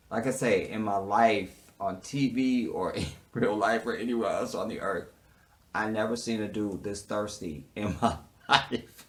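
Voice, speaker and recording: A man casually reviewing a TV episode, sassy and blunt, swearing freely and swinging from murmured asides to loud outbursts as he acts out the characters' lines. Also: on the low side, unhurried. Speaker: TV show reviewer. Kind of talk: casual, animated recap with quoted dialogue.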